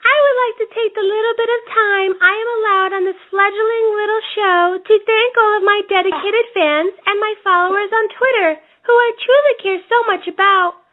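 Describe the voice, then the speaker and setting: A woman's voice: very high voice, a little fast, few pauses, voice pushed up. A woman voicing a self-important diva weather presenter who thanks her fans in a grand, syrupy way. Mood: pompous. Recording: tinny phone-like line.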